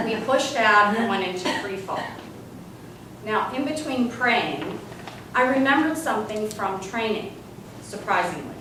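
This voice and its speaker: Woman guest speaker, lively comic storyteller, lots of pitch movement, recorded from far off in a very echoey hall. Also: measured pace, pauses often, noisy background. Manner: animated, comic timing. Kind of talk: humorous storytelling speech. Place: large hall with live audience. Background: room ambience and audience laughter.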